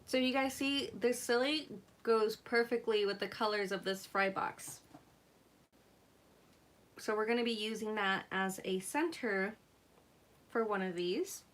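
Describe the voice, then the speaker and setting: Unhurried and fairly bright, this young woman's mid-range voice is broken by long pauses. She hosts a craft livestream, chatting casually, reading viewers' comments aloud, and giggling often.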